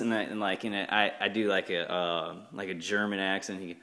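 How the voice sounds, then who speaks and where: A man's voice: fairly low pitch, fairly even intonation, brisk, hardly any pauses, fairly bright tone. A man vlogging in a rambling, repetitive monologue, full of fillers and restarts.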